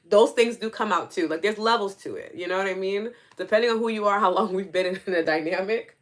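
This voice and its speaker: A woman in her thirties from New York City, hosting a live stream, reading viewer comments and laughing often as she talks to her audience. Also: medium pitch. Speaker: host.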